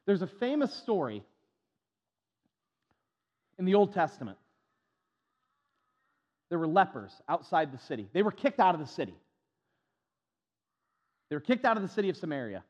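A man's voice: sits high, big pitch swings, moderate pace, pauses often, big-room sound. A man preaching a sermon as pastor, emphatic and repetitive, with folksy humor and stuttered restarts.

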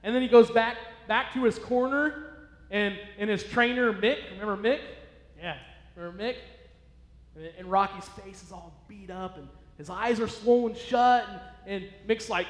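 A man's voice: sits high, normal speed. A male pastor preaching a sermon in a church, emphatic and repetitive, encouraging his listeners. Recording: echoey hall.

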